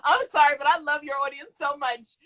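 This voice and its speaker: A woman's voice: high-pitched, little pitch movement, fairly quick, sharp tone. A woman from Mississippi, co-hosting a casual live-stream talk show from her home, chatty and laughing often as she reads out viewer comments. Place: home in the country.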